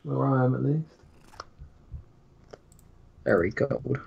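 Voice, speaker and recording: Laid-back man with a gravelly, husky voice. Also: mid-range voice, slow pace, darkish tone. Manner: laid-back, mumbling asides while reading chat. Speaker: stream co-host. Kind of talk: casual stream chat. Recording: dull lo-fi stream mic.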